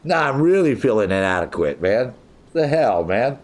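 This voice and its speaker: Male gamer-streamer, profane joker, lively up-and-down pitch, easy laughs. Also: slow pace, a little hiss or hum. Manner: profane, joking, laughs often while chatting with viewers. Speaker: game streamer. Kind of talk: casual livestream chat.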